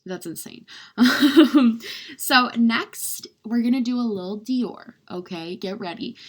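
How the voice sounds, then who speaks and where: A woman's voice: fairly high pitch, takes it slowly. A young adult woman chatting casually as a beauty vlogger, rambling and gushing with lots of "like", poking fun at herself. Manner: rambling, chatty, heavy use of "like"; gushing, self-mocking. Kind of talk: casual chat.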